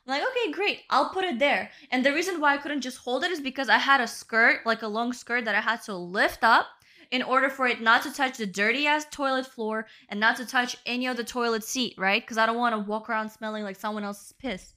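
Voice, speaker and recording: A woman's voice: fairly high pitch, brisk, sharp tone. A young woman co-hosting a podcast, telling a casual story, swearing and often adding "bro" and "right?". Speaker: podcast co-host. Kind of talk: casual chat.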